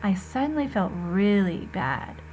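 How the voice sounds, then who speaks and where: A woman teacher reading a novel aloud to her students, expressive and conversational, talking to the class directly. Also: medium pitch, unhurried, a little hiss or hum.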